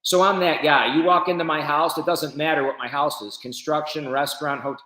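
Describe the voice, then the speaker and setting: A man with a fairly high voice tells a founder's story in a relaxed interview, acting out what others said to him. He sounds animated and talkative. The room adds a clear echo around his voice. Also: a little fast. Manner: animated storyteller who quotes conversations. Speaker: business founder, guest.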